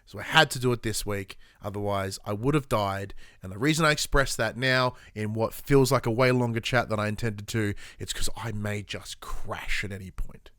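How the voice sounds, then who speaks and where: A man's voice: on the low side, fairly even intonation, normal speed, few pauses, fairly bright tone, dry recording, studio quality. A tired man, co-hosting a podcast, telling stories animatedly and swearing freely in casual chat. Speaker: podcast co-host.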